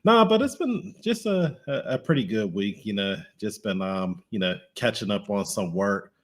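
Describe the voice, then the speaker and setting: A man's voice: fairly low pitch, lively intonation, moderate pace. Laid-back joking man on a video call. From Pittsburgh area, United States. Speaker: co-host. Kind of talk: casual chat on a video call.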